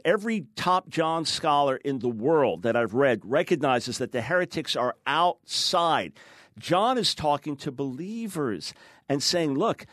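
A man's voice: on the high side, dry recording, clean studio sound. A man, a guest author, talks emphatically in a theological discussion, acting out quoted people with shifts in his voice.

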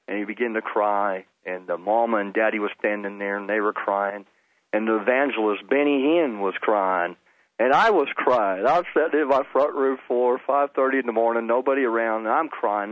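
A man's voice: fairly low pitch, animated, brisk, no room sound. A middle-aged man, a Baptist pastor, earnestly telling his testimony in an interview, often repeating words for emphasis. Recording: dry, phone-like line.

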